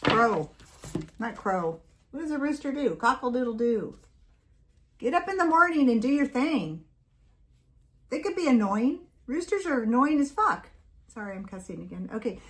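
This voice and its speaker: A woman's voice: high-pitched, very animated, moderate pace, a bit bright. A woman giving a casual tarot reading to viewers, chatty and playful, breaking off to talk to her dog. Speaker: tarot reader.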